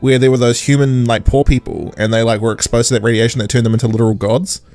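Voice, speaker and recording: A man hosting a casual podcast chat, recapping an episode with animated, laugh-filled storytelling. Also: medium pitch. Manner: animated, laughs often, slips into quick mock voices. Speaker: podcast host.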